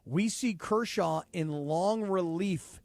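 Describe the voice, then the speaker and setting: A man's voice: high voice, slow, vocal fry, a little mellow, dry recording. A man co-hosting a sports radio show, confidently giving his opinions and predictions in casual banter. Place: radio studio.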